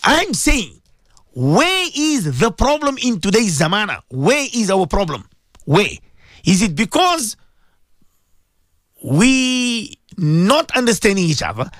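Emotion drives this man's radio talk as he, a Muslim cleric and the show's host, repeats rhetorical questions to his audience. The pitch is high and the tone fairly bright, with no echo.

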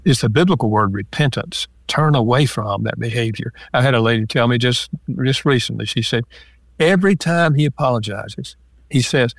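An older man, an author and marriage counselor, answers interview questions in a gravelly, mid-range voice at a moderate pace. He lays out his points as numbered lists and acts out example phrases as he goes. The studio-quality recording has no echo.

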